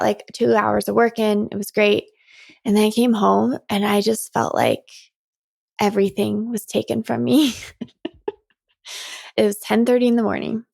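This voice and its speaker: A woman hosts her solo podcast in an open, conversational way, dropping in "like" and small laughs as she goes. Her voice has a gravelly fry at mid pitch. The sound is dry and close, with no room around it. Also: darkish tone, no room sound. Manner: candid, chatty, many "like"s, laughs often. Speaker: podcast host and coach. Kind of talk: reflective solo podcast talk.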